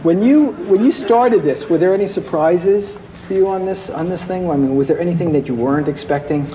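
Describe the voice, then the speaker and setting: A man hosting a TV interview, probing and gently teasing, rephrasing his questions as he goes. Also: high-pitched, a little fast, highs cut off. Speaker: interview host.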